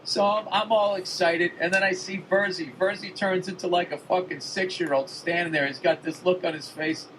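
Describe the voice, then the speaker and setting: A man's voice: high voice, moderate pace, few pauses, a little hiss or hum, poor audio. A man hosting a podcast, telling a casual comedic story full of swearing and building up steam as he goes. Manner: profane, animated storytelling. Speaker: podcast host.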